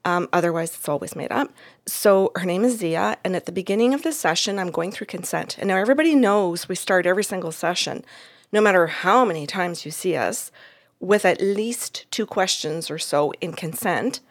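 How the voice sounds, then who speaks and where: A woman telling a story from a client session in a casual, animated way, acting out the voices in it and laughing often. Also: on the low side, normal speed.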